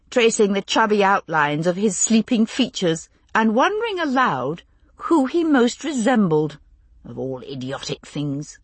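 Husky-voiced woman narrating an audiobook. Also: on the low side, dry recording. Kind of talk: scripted narration.

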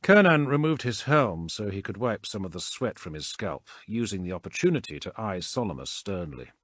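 Male narrator, low and lively in pitch, dry close recording. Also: dry recording. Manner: steady, measured storytelling. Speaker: audiobook narrator. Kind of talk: scripted narration.

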